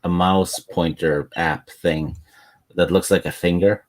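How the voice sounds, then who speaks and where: A man from Norway co-hosting a casual chat, speaking haltingly with dry, deadpan humor. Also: deep voice, slight background noise. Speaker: co-host.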